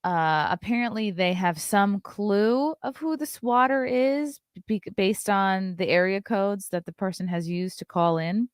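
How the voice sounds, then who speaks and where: A woman's voice: medium pitch, unhurried, hardly any pauses, clear, resonant tone, dry recording, studio quality. A woman hosting a casual commentary show, chatting loosely and swearing now and then while playing clips.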